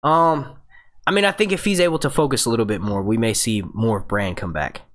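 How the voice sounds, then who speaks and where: A man's voice: mid-range voice, fairly quick, a bit bright. A man hosting a fan review show, rambling through a live question-and-answer breakdown, reading out viewer questions and restarting his sentences. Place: home setup, phone nearby.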